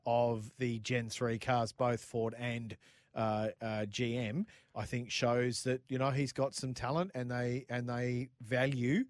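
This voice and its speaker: An Australian man co-hosting a motorsport radio show from a studio, joking, laughing often and telling quick anecdotes. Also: mid-range voice, no room sound. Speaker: radio co-host. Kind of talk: casual motorsport banter.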